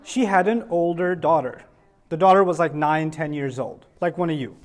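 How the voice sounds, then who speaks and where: Animated man telling a story to kids. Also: a little high, normal speed. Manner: animated, acts out characters with voice changes, asks the kids questions. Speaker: teacher telling a story to children. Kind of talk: storytelling lesson for children. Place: room with children listening.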